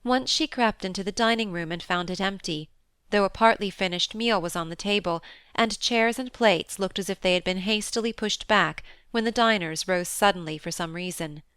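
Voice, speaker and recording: A woman narrates a classic novel in a smooth, clear voice at a mid pitch. She keeps an even, measured storytelling pace, and her reading sounds dry and close to the mic. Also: no echo. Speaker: audiobook narrator. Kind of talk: scripted narration.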